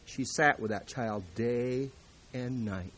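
A man preaching a sermon, moving from quiet, confiding talk to loud, emphatic scripture reading. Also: mid-range voice, takes it slowly, a little hiss or hum.

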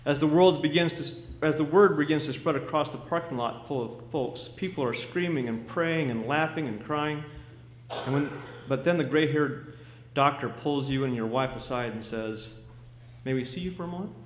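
A man preaching a sermon, telling a vivid story with dramatic swings from loud to hushed. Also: a little high, normal speed. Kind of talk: sermon illustration. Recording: echoey hall with faint noise.

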